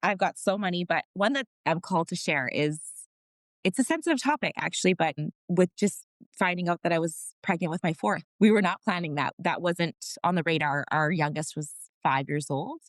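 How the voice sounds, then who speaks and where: A woman's voice: fairly low pitch, normal speed, no room sound. A woman guest on a podcast, a mother of four, telling her story candidly and earnestly, laughing often and restarting sentences.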